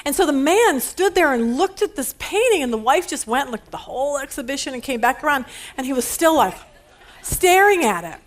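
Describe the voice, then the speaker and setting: A woman in her fifties leads a women's Bible study with a high, light voice. She talks in a chatty way, often laughing as she tells stories. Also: big pitch swings, brisk. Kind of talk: teaching a Bible lesson.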